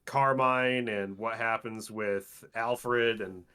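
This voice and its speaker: Bright-voiced man ranting casually. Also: on the low side, fairly even intonation, slow, clean tone. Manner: exasperated, swearing, rambling. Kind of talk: casual film-breakdown chat.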